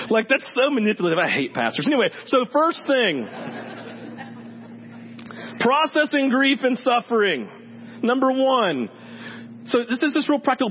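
Guy pastor preaching, really high voice, jokey and lively, kinda dull recording w/ faint hum. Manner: animated, joking, acts out quoted voices. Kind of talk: sermon.

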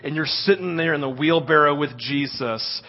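A man preaching a sermon as a pastor, telling stories in an animated way and often asking "right?". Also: fairly high pitch, normal speed, lo-fi sound. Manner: animated storytelling with frequent "right?".

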